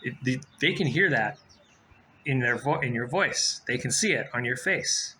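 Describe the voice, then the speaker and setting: Bright-voiced man in his forties giving rambling advice. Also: medium pitch, expressive, normal speed, slight background noise, low-quality recording. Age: 40s. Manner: rambling, repeats himself, frequent fillers and restarts. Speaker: vlogger giving job advice. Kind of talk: casual advice talk to camera.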